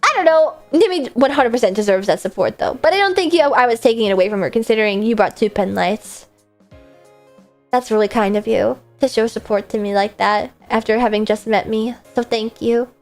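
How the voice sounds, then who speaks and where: A young woman with a fairly high voice chats through a late-night stream Q&A, tired and coming down from an energy drink. She reads fan messages aloud and answers them with self-deprecating, sometimes deadpan humor. Faint music plays underneath. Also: brisk. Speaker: VTuber streamer. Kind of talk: casual livestream Q&A, reading fan messages aloud.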